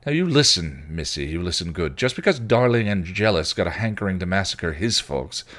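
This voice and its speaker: A man's voice: sits low, normal speed, lightly acted. A man voicing a volatile, bitter male vampire who rants and snarls. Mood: snarling. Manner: snarling, ranting.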